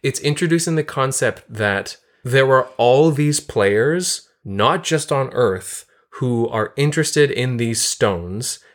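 A woman's voice: a bass voice, lively intonation, slow pace, few pauses. A woman co-hosting a casual chat about a film, explaining at length with enthusiasm. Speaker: podcast co-host. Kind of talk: casual movie discussion.

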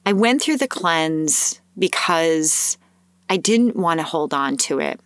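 A woman telling a personal story in a casual, animated way, acting out her own thoughts in a higher voice. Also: slow pace, no echo. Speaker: host sharing a personal story.

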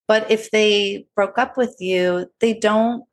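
A woman's voice: mid-range voice, steady tone, slow pace. A woman hosting a casual podcast conversation, friendly and agreeable as she talks things through.

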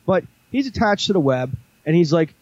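A man's voice: a little high, very animated, moderate pace, lo-fi sound, noisy background. A man co-hosting a casual podcast, telling a long story with many fillers and restarts. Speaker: podcast co-host. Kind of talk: casual chat.

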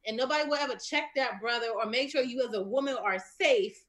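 Fast-talking, high-voiced woman. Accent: African American English. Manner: animated storyteller, acting out exchanges. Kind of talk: casual group discussion.

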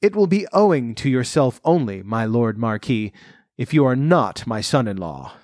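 A man's voice: medium pitch, very animated, normal speed, darkish tone, dry recording, studio quality, close to an everyday voice. A man voicing an impressed, genial old king in a storybook, speaking exclamatorily. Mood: delighted. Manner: exclamatory and pleased.

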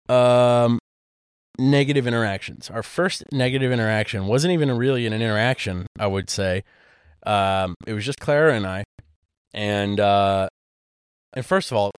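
A man co-hosting a podcast in relaxed, casual chat. He rambles and restarts often, filling pauses with "um" and "like." His voice is smooth and resonant, and it sounds close and dry. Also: medium pitch, dry recording. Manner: rambling with many fillers and restarts. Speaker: podcast co-host.

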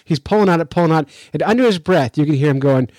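A man hosting a podcast, telling a story in a lively, chatty way with frequent restarts, then commenting on the news. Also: fairly high pitch, rapid-fire, dry recording. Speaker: fishing podcast host.

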